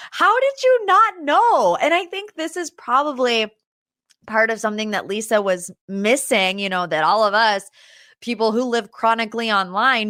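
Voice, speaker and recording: A young woman talks casually and with strong opinions, slipping into animated voices when she quotes people. Her voice is mid-pitched and sits close and dry on the mic, with no room sound. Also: dry recording. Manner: chatty and opinionated, animated quoting. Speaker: podcast host. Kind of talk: casual reality TV recap.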